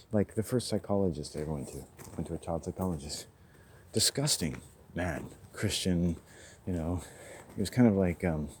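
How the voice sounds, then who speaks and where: A man's voice: low voice, a little mellow. A man vlogging on a phone as he walks in the woods, rambling in a loose monologue, swearing and laughing between phrases. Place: outdoors, woods. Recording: clear outdoor background noise.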